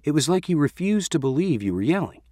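Guy narrating a novel, really lively up and down voice, dry close mic. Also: a little high, fast, no room sound. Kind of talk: audiobook narration.

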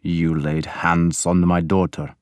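A man reading the part of a stern, angry Viking lord, speaking slowly and harshly. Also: low voice, level tone, clean tone, dry recording, highs cut off. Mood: menacing. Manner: slow, harsh, menacing delivery.

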